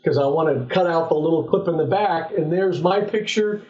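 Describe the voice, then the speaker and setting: An older man from Southern California, a former pro football player, telling lively anecdotes as an interview guest, often restarting his sentences. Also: a little high, moderate pace. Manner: animated anecdotes with frequent restarts. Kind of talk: relaxed storytelling in an interview. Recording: echoey, slightly dull sound.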